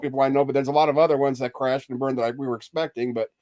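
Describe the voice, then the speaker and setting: A man's voice: mid-range voice, fairly even intonation, very fast, dark tone. An older man in casual chat, joking with dry one-liners while a little tipsy.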